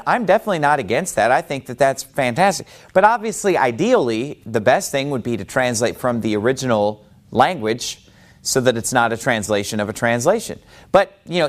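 Emphatic man teaching with conviction. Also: medium pitch. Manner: emphatic, argumentative, frequent rhetorical questions. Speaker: Bible teacher. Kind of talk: persuasive teaching talk.

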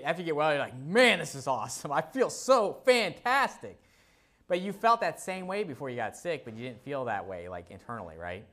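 A man's voice: mid-range voice, fairly bright tone. A man, a pastor, preaching a sermon in a conversational, folksy way, with playful asides to the congregation.

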